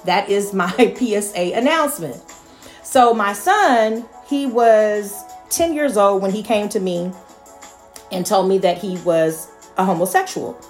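A woman's voice: mid-range voice, measured pace, soft background music. Earnest, repetitive middle-aged woman. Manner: earnest and repetitive, with laughing asides. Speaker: mother sharing her views. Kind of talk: casual monologue to viewers.

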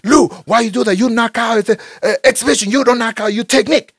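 A stern Thai fight coach barks in clipped, broken English with a Thai accent, as a man puts him on. The voice jumps high above the storyteller's normal range and hits hard. It sounds close and dry, with no room around it. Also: fast talker, gravelly, no echo, full character voice. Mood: scolding.

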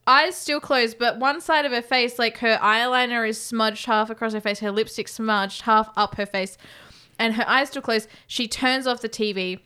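A woman, co-hosting a casual chat and recapping a film scene by scene, animated and swearing freely. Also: on the high side, normal speed, clear, resonant tone. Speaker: podcast co-host.

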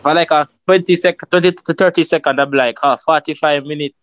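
Fast-talking Jamaican man, dull dry sound. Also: fairly high pitch, dry recording. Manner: quick, relaxed patois talk. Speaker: guest skit creator. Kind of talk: casual interview chat.

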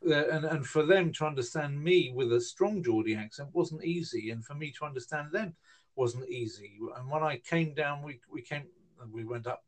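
A man, talking at an even, mid pitch. He wanders through a personal story in a casual interview, pausing on "um" and restarting sentences as he goes. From Newcastle, northern England. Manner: rambling, hesitant, with many fillers and restarts.

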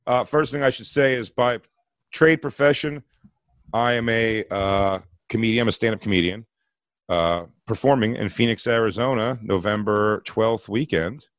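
A man's voice: lowish voice, normal speed, no room sound. A man in his forties telling a long comedic story on a podcast, rambling with fillers and restarts. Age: 40s. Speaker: podcast co-host.

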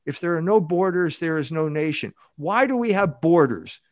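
Emphatic older man, fairly high voice. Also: lively intonation, moderate pace. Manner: emphatic, rambling with restarts. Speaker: guest author. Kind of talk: podcast interview.

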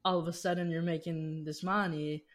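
A man's voice: a little high, flat delivery, moderate pace. A young man, a podcast guest, telling personal stories with animation and acting out family dialogue. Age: young adult. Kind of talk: podcast interview storytelling.

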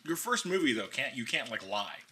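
A man's voice: medium pitch, very animated, a little fast, sharp tone. A man hosting a casual podcast chat, joking around and swearing freely. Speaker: podcast host.

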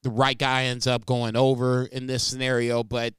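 Podcast co-host guy, laid back and rambly, clean smooth voice, dry sound. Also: medium pitch, completely flat delivery, normal speed, no echo. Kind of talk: casual podcast chat.

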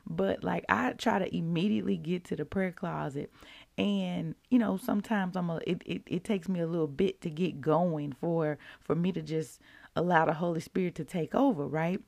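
A woman hosting a daily faith podcast, chatting with excitement and calling her listeners y'all. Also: on the low side, normal speed, vocal fry, dry recording. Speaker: podcast host. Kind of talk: casual devotional podcast talk.

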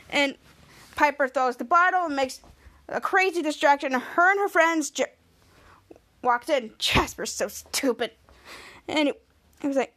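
A woman's voice: high voice, bright, forceful tone. A woman podcast host recapping a TV episode in a chatty, rambling storytelling way.

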